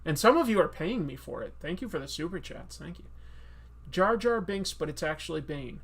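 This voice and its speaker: A man's voice: fairly high pitch, expressive, fairly quick, creaky, fairly bright tone, breathy edge. A man hosting a live stream, answering chat questions in a casual, self-deprecating, rambling way. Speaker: comic artist streamer.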